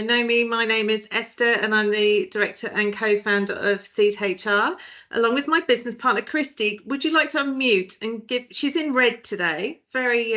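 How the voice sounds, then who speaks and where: A woman's voice: a little high, bright, forceful tone. A woman from Britain hosting a webinar as director of a small firm, chatty and jokey with many hesitations, heard over a video call.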